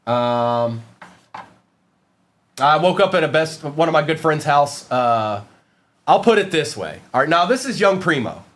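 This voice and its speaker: A man hosting a live card-break stream, calling out cards while chatting and joking with his viewers. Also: medium pitch. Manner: joking, playful asides to chat.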